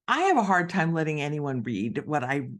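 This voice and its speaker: A woman's voice: low-pitched, normal speed. A middle-aged woman, an author and podcast guest, telling a story in conversation and acting out the voices of the people in it. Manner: animated, acts out quoted voices.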